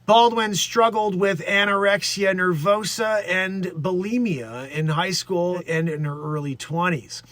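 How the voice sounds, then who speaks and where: A man's voice: high voice, steady tone, a little slow, few pauses, fairly bright tone, no echo. A man hosting a comedic news show, reading stories and riffing in a rambling, self-interrupting, mocking way.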